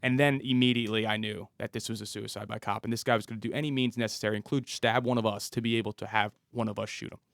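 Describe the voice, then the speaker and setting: A man's voice: fairly low pitch, steady tone, fast, vocal fry, few pauses, fairly bright tone, no echo, studio quality. A man in his thirties, a police officer and podcast guest, telling a story and acting out what people said. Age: 30s. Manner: vivid storyteller who acts out the dialogue. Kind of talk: storytelling interview.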